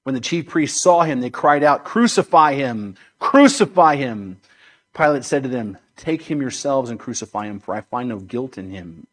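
A man's voice: mid-range voice, breathy edge. Solemn man reading scripture. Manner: solemn, slows and softens on key phrases. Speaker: preacher.

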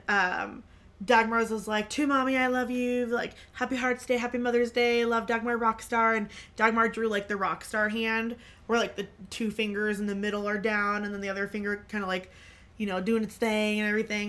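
A woman's voice: mid-range voice, sharp tone. A woman hosting a podcast, telling a family story in casual chat full of filler words. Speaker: podcast host.

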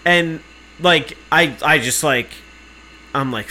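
A man's voice: a little high, slow pace, music in the background. A man telling an angry, sarcastic story in casual chat, swearing freely. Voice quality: profane, sarcastic. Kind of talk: casual chat, ranting anecdote.

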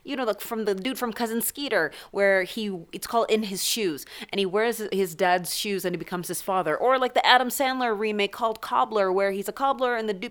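A woman hosting her own podcast, talking casually from a small isolation booth in an animated, jokey way and swearing freely. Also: mid-range voice, smooth. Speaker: podcast host. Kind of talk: casual solo podcast monologue.

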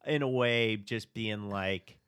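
A man's voice: on the low side, takes it slowly, a bit bright, smooth. A man co-hosting a podcast, chatting casually about a reality show, laughing often and swearing freely. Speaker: podcast co-host.

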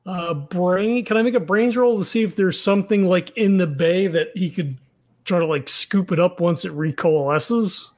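A man's voice: high-pitched, moderate pace, darkish tone. A man playing a tabletop role-playing game, talking casually and in a rambling way. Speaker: player.

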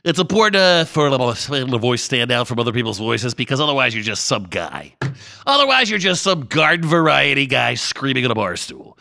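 A man doing a hammy comic parody of a radio host, jumping between a low growl and high shouted catchphrases. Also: big pitch swings, a little fast, creaky. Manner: hammy, over-the-top.

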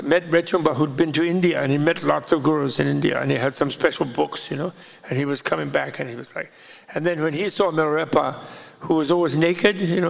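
A man casually retelling a legend in an animated, rambling way, full of asides. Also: fairly high pitch, gravelly. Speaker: storyteller. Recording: long hall reverb.

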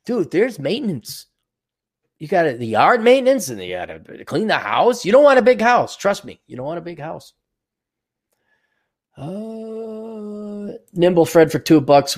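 A fairly high-pitched American man hosting a solo podcast. He rants with blunt sarcasm and swears freely, mocking the people he talks about. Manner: blunt, profane, sarcastic ranting. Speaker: podcast host.

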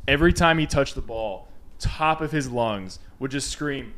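A man's voice: medium pitch, normal speed, a bit bright. A man hosting a casual podcast, talking in a loose, rambling way with many restarts. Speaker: podcast host.

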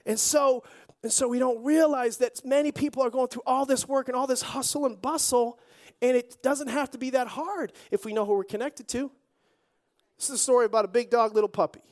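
A pastor preaching a sermon with lively storytelling and jokey asides. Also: medium pitch, fairly quick.

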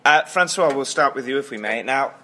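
A man's voice: medium pitch, lively intonation, brisk, sharp tone. An actor playing a pompous male host of a philosophy show with flowery, grandiose phrasing. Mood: grand. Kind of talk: comedy sketch acting.

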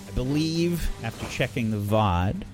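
A man's voice: medium pitch, animated, a little slow, music in the background. A man running a tabletop game as game master, narrating a monster attack dramatically and swearing casually.

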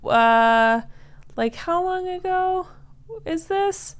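A woman's voice: extremely high pitch, lively intonation, extremely slow, voice pushed up, heavily acted. A woman voicing a chirpy female office worker who runs a magic adventure service, in a bubbly, casual, apologetic tone. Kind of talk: improvised storytelling.

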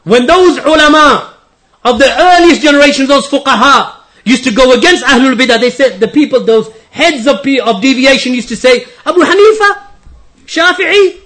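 High-voiced man preaching a sermon. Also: moderate pace, fairly bright tone. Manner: impassioned, quotes opponents mockingly. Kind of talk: Islamic sermon.

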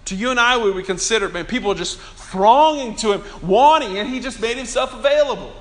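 A man with a notably high-pitched voice preaches to his congregation in a church. He keeps it conversational, teasing people in the pews and asking for an amen now and then. His tone is that of a pastor chatting from the pulpit more than an orator. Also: lively intonation, a little fast. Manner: calls for amens from the congregation. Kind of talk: sermon.

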